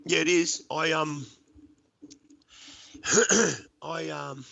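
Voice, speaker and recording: Gravelly, tense-voiced man telling his story. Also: on the high side, little pitch movement, sharp tone, low-quality recording. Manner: earnest, halting, repeats words while searching. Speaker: podcast guest. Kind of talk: personal recovery story.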